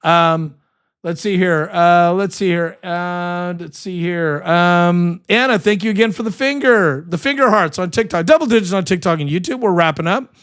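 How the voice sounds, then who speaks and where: A man's voice: high voice, normal speed, fairly bright tone, clear, resonant tone. A man hosting a live sports stream, chatting casually and reading viewer comments, passionate and full of fillers.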